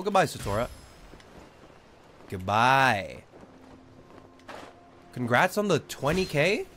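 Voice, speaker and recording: A young man from Australia streams a game and jokes with his viewers, loud and crude, his pitch jumping all over the place. His voice sits slightly high for a man. Soft game music plays faintly behind him. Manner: loud, animated, crude joking and exclamations. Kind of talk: casual live-stream chat with viewers.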